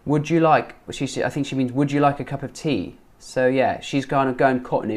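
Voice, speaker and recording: A man's voice: medium pitch, moderate pace, hardly any pauses, darkish tone. A British man talking casually on his video channel, coaching viewers' accents and repeating sounds to demonstrate them.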